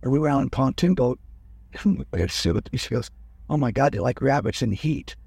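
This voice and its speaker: An older man tells family stories in a relaxed, meandering way. He stops to restart sentences as he goes. His voice is gravelly and husky, recorded close with no room sound. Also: medium pitch, normal speed, dry recording. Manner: rambling, self-correcting anecdotes. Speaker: guest. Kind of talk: relaxed storytelling in conversation.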